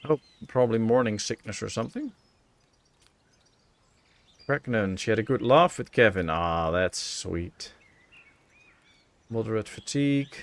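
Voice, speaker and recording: A man's voice: on the low side, unhurried, pauses often. Dutch man chatting through a game stream. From Netherlands. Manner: relaxed, musing, thinking aloud with many fillers. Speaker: gaming streamer. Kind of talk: casual live-stream commentary while chatting with viewers.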